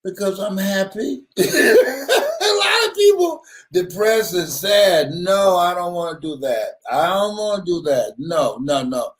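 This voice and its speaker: Lively, laughing motivational speaker man. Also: sits high, takes it slowly. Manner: laughs often, emphatic repetition. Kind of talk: motivational sermon.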